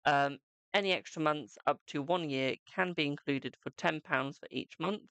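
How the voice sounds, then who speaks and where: Man, British accent, tarot reader on a live stream, gravelly voice, dry close sound. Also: fairly high pitch, moderate pace, a bit bright, no echo. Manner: chatty, calls viewers "my darling". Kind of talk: live-stream card reading chat.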